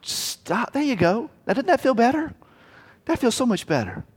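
A man putting on a soft, coaxing devil. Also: extremely high pitch, very animated, fairly quick, husky, long reverb tail, pitched above the performer's own voice, heavily acted. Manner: soothing, lulling, repetitive urging. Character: coaxing tempter devil, soft and persuasive, male.

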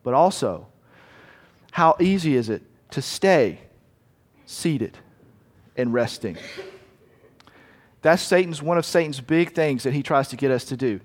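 A man's voice: mid-range voice, lively intonation, measured pace, pauses often. Earnest male preacher in a reverberant hall. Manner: earnest, storytelling, with frequent restarts. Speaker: pastor. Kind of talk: sermon.

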